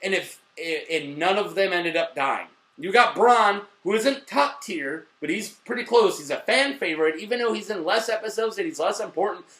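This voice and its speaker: Male reviewer host, high bright voice, swearing, rambling, excitable, roomy echo. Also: moderate pace, hardly any pauses. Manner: excitable, profane, rambling with fillers and mock voices. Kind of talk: casual video review chat.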